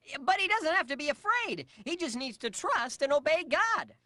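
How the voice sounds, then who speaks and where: A man's voice: very high-pitched, sing-song, normal speed, sharp tone, no room sound, heavily acted. A man voicing a sensible, patient male tomato who hosts a cartoon and hesitates with many "uh"s. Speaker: host.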